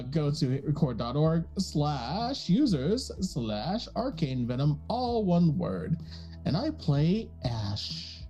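A man's voice: on the high side, warm tone. Man joking in a silly accent. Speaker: player.

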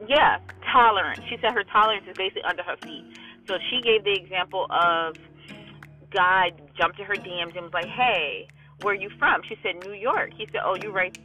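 A woman with a bright, forceful voice rants bluntly and with lots of swearing, talking straight to camera from a parked car. The sound is a little dull, with faint music underneath. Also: fairly low pitch. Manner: blunt, profane, animated storytelling. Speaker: vlogger. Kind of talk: casual monologue vlog.

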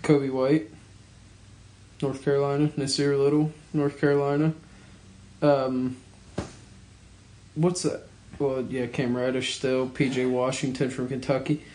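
Man, sports podcast co-host, casual profane banter, medium pitch. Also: level tone, measured pace, pauses often, warm tone, slight background noise. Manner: joking, profane, teasing.

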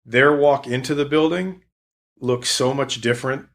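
A man's voice: medium pitch, moderate pace, vocal fry, fairly bright tone. A man, a lawyer, explaining his work thoughtfully in a casual panel chat.

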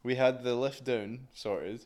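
A young man co-hosting a podcast, chipping in with quick reactions and casual swearing. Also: mid-range voice, fairly even intonation, darkish tone. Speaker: podcast co-host. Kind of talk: casual chat.

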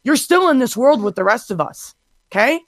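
A woman's voice: on the high side, expressive, normal speed, no room sound, clean studio sound. A woman co-hosting a podcast, talking bluntly and heatedly and swearing freely. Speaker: podcast co-host. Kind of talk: casual chat.

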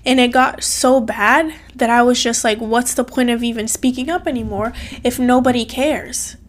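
A woman's voice: on the high side, fairly even intonation, normal speed. A woman talking to her camera, telling a personal story in an earnest, emotional way, full of "like" fillers and repeated phrases, close to tears at times. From outside the US. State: tearful at times. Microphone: phone or camera.

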